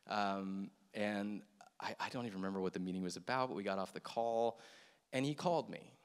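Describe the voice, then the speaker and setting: Guy telling his recovery story on stage, kinda low voice, big hall echo, earnest and reflective. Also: fairly quick, smooth. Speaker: church speaker sharing testimony. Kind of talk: personal testimony talk. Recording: long hall reverb.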